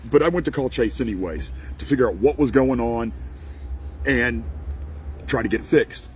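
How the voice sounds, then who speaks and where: A man's voice: mid-range voice, dull audio, slight background noise. An angry man, a farmer and small business owner, ranting to camera in a heated, indignant, exasperated way.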